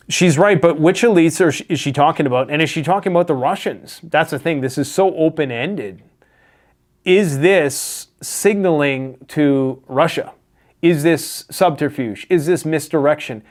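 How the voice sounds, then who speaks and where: Casting note: sarcastic, profane Canadian commentator, slightly higher-pitched male voice. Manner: blunt, sarcastic, profane, mocking put-on voices. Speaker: prepper news commentator. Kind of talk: casual political commentary.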